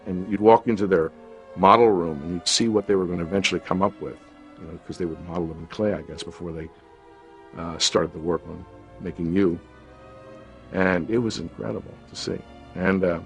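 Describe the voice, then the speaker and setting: Low-voiced man in his fifties, reflective. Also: a bit bright, faint music behind. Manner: unhurried, reflective storytelling. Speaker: actor recalling a film shoot. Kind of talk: interview anecdote.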